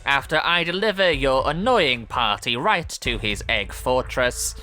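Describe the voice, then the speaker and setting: A man voicing a cold, scheming talking train in a video game, speaking slowly and menacingly. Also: medium pitch, lively intonation, pushed and bright, faint music behind. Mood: gloating. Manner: slow, menacing delivery.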